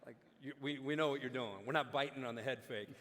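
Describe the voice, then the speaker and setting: Animated man telling stories in a reverberant hall. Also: medium pitch, fast talker. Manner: animated, acts out quotes. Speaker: guest speaker. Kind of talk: storytelling on stage. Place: large hall at a dinner event.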